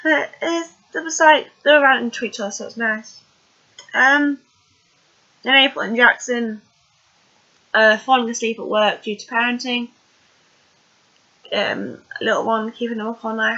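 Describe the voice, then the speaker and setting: Bright-voiced chatty woman, lo-fi. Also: fairly high pitch. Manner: chatty and rambling, many fillers. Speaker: TV episode recapper. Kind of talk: casual video recap.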